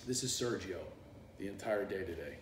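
Animated storytelling comedian in echoey room. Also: male voice, sits low, normal speed, a little hiss or hum. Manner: animated storyteller, does voices and bursts into song. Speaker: comedian hosting a live stream. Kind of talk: casual storytelling chat.

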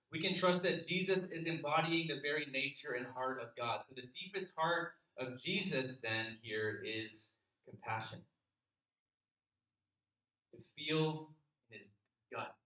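A man's voice: mid-range voice, sharp tone, highs cut off. A man preaching a sermon as pastor, talking in a conversational, earnest way and often repeating words as he thinks. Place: church sanctuary. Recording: roomy church reverb.

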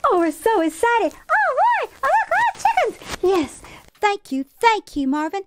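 A woman's voice: very high-pitched, wildly swooping pitch, unhurried, very noisy, heavily acted. A woman voicing Lily, a playful chicken-twin cousin who giggles and squeals. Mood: excited.

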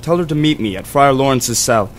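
A man's voice: medium pitch, lively intonation, brisk, lightly acted. Man as young lover, earnest, school audiobook.

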